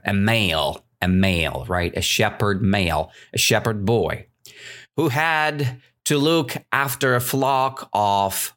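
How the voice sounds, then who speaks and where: A man teaching, reading a story aloud to learners in a playful way, stopping to ask rhetorical questions and making deliberate mistakes to correct. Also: mid-range voice, fairly bright tone.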